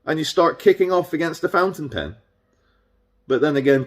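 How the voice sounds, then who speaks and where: A man's voice: mid-range voice, darkish tone. A man delivering a rambling, sarcastic and irreverent casual monologue as a vlogger.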